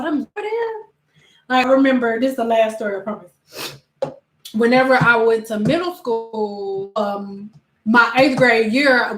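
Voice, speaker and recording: A young woman telling funny stories in a casual chat, laughing often and acting out other people's voices. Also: on the high side. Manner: laughing, animated, acts out voices in quotes. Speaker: vlogger. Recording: echoey room.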